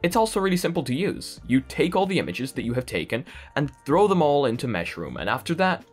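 A man's voice: medium pitch, sing-song, brisk, faint music behind. A man from Poland with an Irish accent, hosting a tech vlog in an enthusiastic, playful way and talking straight to his viewers. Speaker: tech channel host.

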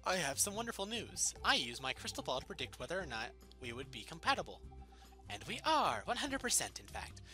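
Cheerful young psychic girl, sing-song and lively, a gamer doing the voice. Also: mid-range voice, a little fast, soft background music. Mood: excited. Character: cheerful young female psychic fortune teller. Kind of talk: reading game dialogue aloud in character.

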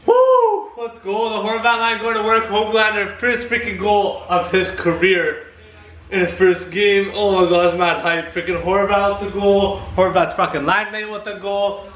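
A man reacting live to a hockey game, shouting, cheering and swearing. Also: sits high, flat delivery, moderate pace, echoey room, a little hiss or hum.

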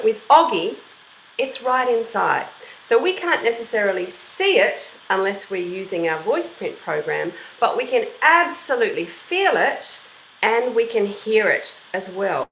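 A woman's voice: medium pitch, vocal fry, echoey room, a little hiss or hum, low-quality recording. A woman from Australia teaching an online voice class for kids in an encouraging, storytelling manner. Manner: bright, encouraging teacher voice, storytelling with sung-out examples.

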